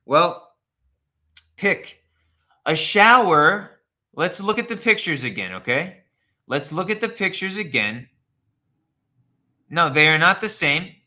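A man teaching an English lesson online, repeating phrases slowly and answering viewers' questions from the chat. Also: a little high. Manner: slow, repetitive, animated teacher talk, answers chat questions.

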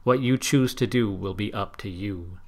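A man reading a calm, formal government agent. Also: on the low side, normal speed, natural voice.

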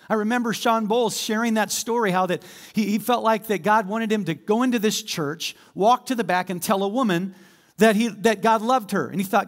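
A man preaching a sermon as pastor, animated and calling on the congregation to respond. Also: high-pitched, a little fast. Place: church sanctuary.

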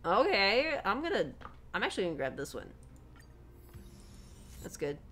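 A woman's voice: medium pitch, big pitch swings, moderate pace, a bit bright. A young woman streaming a video game, chatting candidly and rambling as she answers her chat, swearing freely. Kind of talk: casual gameplay stream chat.

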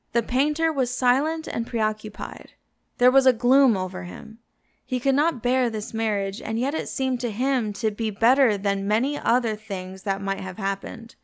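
Woman narrating with a gravelly edge. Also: on the high side, measured pace. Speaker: audiobook narrator. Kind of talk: scripted narration.

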